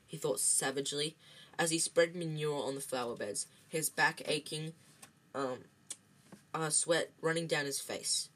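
In a rough recording, an unhurried reader with a medium-pitched, slightly bright voice works through a novel aloud. It's an amateur reading marked by stumbles, restarts and ums.

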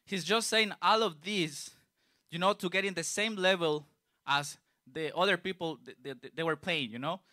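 A man's voice: sits high, normal speed, sharp tone, no room sound, clean studio sound. A man preaching a sermon in a conversational way, reading scripture aloud and then explaining it in plain, casual words. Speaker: youth preacher.

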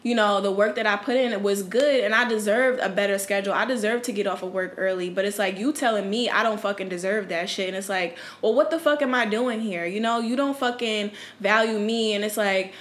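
A woman's voice: medium pitch, fairly quick, few pauses. A young woman talks on her own podcast in a casual, unscripted rant. She vents her frustrations with plenty of swearing and a loose, conversational flow. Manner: frustrated, profane, venting. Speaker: podcast host.

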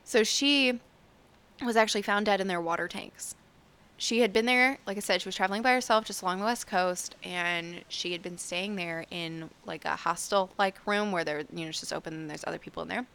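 A woman's voice: lowish voice, fairly quick, fairly bright tone, clean tone. A young woman co-hosting a podcast, casually telling a mystery story with frequent laughs and rambling fillers. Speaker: podcast co-host.

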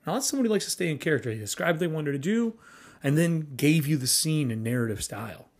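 Man, podcast host, casual solo talk, blunt, swears a lot, husky voice, lively intonation. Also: a little high, fast.

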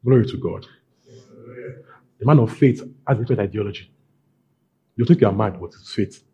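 A man preaching a sermon as pastor, emphatic, repeating his phrases and climbing to loud peaks. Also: fairly low pitch, fairly quick, creaky, dull audio.

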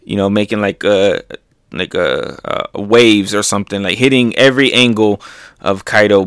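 A man's voice: on the low side, moderate pace, smooth, no echo, studio quality. A man casually reading through a comic chapter, adding his own sound effects and laughing as he goes. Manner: animated, makes sound effects, laughs often. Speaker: manga reaction host.

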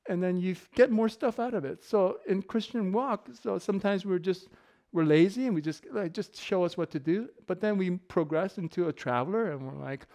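Joking man preaching, slightly high voice. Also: a little fast, hardly any pauses, mellow. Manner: casual, joking, laughs often. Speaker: pastor. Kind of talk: sermon with personal stories.

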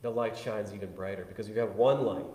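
A man pastor preaching a conversational sermon, swinging between loud bursts and hushed asides. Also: on the low side, fast. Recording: echoey hall with long reverb.

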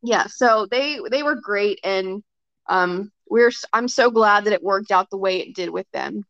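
A young woman appears as a podcast guest, chatting loosely at a middle pitch with a fairly bright tone. She uses many fillers and often acts out quick quotes. The recording is dry and slightly dull.

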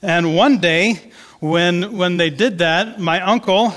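A man's voice: high-pitched, takes it slowly, a bit bright, long reverb tail. A man giving a sermon, telling a story in a conversational way with many restarts. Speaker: pastor.

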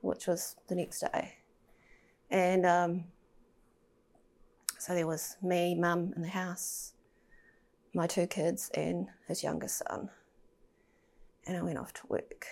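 Husky-voiced woman telling a hard story. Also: fairly low pitch, a little mellow. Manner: candid, emotional, swears, drops to near-whisper at times. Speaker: podcast guest. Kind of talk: personal storytelling in a podcast interview.

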